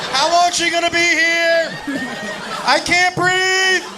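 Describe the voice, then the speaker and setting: A man's voice: very high voice, flat delivery, slow pace, crowd noise, noisy background, voice pushed up. A man voicing a small, panicked grown man who whines and pleads while pinned down. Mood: pleading. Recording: live club set with audience laughter.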